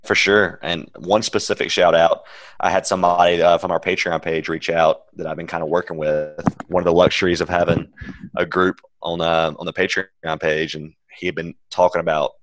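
Deep-voiced man, measured podcast co-host. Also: flat delivery, fairly bright tone. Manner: measured, advice-giving. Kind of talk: casual podcast chat.

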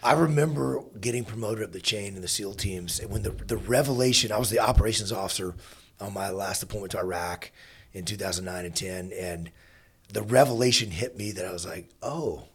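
Gravelly, husky-voiced man. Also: lowish voice, brisk. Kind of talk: casual interview conversation.

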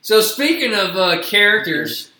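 A man's voice: sits high, sing-song, unhurried, sharp tone, reverberant, poor audio. A man co-hosting a casual podcast, easygoing and agreeable as he introduces the topic. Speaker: podcast co-host. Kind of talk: casual chat.

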